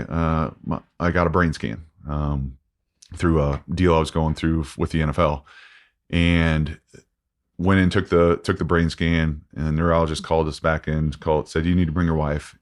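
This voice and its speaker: A man in his forties, a podcast guest, talking candidly and haltingly with many restarts and fillers. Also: a bass voice. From United States. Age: 40s. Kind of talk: candid interview.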